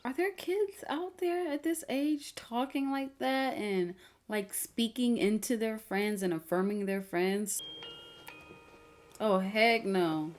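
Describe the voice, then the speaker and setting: A woman's voice: fairly high pitch, slow pace. A woman hosting a movie reaction, talking casually and exclaiming at the screen as she watches. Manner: expressive, exclaims and talks at the screen.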